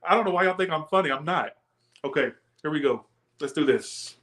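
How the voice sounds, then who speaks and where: Young man, tarot reader, animated rant, swears a lot, fairly high voice. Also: fairly quick, a little hiss or hum. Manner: ranting, profane, animated; chats with viewers, laughs often. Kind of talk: live-stream tarot reading.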